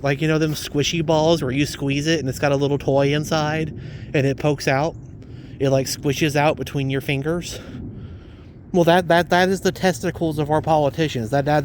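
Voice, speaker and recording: Indignant ranting man, slightly high voice. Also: darkish tone, slight background noise. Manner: indignant, repetitive, blunt. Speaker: vlogger. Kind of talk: ranting monologue.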